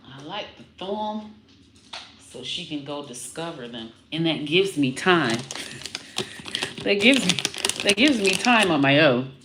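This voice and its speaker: A woman vlogging casually to her viewers, animated and breaking into high baby talk with her dog. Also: unhurried, pauses often, roomy sound, background noise. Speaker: comedian vlogger talking about her puppy.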